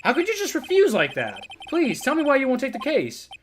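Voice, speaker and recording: A man's voice: very high voice, wildly swooping pitch, fairly quick, slight background noise, voice pushed up, heavily acted. A man voicing an earnest young male defense attorney from a game, in a plain, lightly exasperated read. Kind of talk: reading game dialogue aloud.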